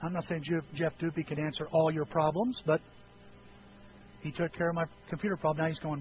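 A man preaching a sermon as pastor, animated, breaking into high yelping voices when he acts out quotes. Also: fairly quick, muffled recording, noisy background.

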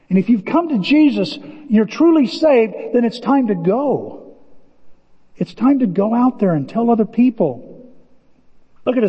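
A man preaching with a high, lively voice that jumps around as he tells a story. The voice is husky, and the sermon is heard through dull, lo-fi audio with a long reverb from a church sanctuary. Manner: animated, storytelling, shouting bursts of excitement. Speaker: pastor.

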